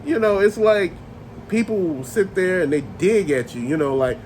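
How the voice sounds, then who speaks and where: A man's voice: high-pitched, sing-song, normal speed, a little mellow, slight background noise. A man hosting a toy channel, ranting in a casual, profane, exasperated way. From Chicago area. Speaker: host of a toy rant channel.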